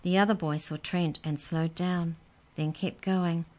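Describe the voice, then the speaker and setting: A woman reading a children's story aloud in a calm, measured way. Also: fairly low pitch.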